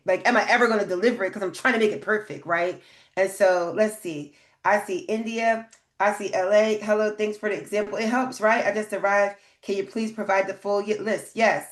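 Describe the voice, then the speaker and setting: A woman leads a livestreamed business training in a chatty, emphatic way, turning again and again to her viewers with questions. Her voice sits at an ordinary middle pitch. The room around her is noticeably echoey. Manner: chatty, emphatic, often asks the audience questions and reads viewer comments. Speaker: grant coach hosting a live training.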